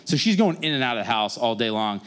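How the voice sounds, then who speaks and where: Animated young man telling a stage story. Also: medium pitch, fast, clean tone. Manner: rambling, animated, plays out his own past dialogue in a raised voice. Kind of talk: live personal storytelling. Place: stage at a live story slam event.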